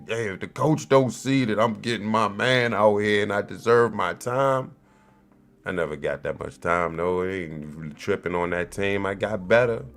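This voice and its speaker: A man in his forties hosting a show, giving loose, profane commentary in street slang. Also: sits low. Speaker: show host. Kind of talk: casual commentary.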